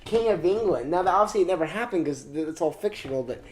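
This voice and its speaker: A woman co-hosting a casual movie review podcast, chatty and quick to laugh, often restarting her sentences. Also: on the low side, expressive, reverberant, over a noisy crowd. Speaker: podcast co-host.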